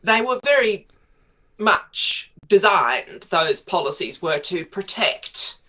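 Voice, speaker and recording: A woman's voice: lowish voice, big pitch swings, slow pace, bright, forceful tone. A middle-aged woman, a writer interviewed on talk radio, telling stories in a chatty way with frequent laughs. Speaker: guest writer.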